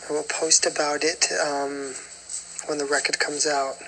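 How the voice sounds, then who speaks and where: A man's voice: a little high, little pitch movement, a little slow, fairly bright tone, slight background noise, poor audio. A man from Staten Island, New York chatting casually with viewers on a livestream, sleepy and yawning, laughing often. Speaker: singer hosting a livestream.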